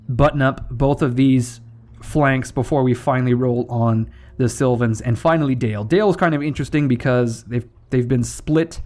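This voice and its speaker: A man's voice: medium pitch, a little mellow. A young man hosting a strategy game playthrough, talking casually as he rambles, swears and corrects himself. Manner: rambling and profane, with self-corrections. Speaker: gaming channel host.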